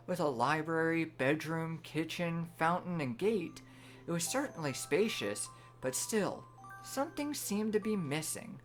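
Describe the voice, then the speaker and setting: A woman streamer reading a storybook aloud in a gentle, measured bedtime manner. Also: sits low, animated, soft background music.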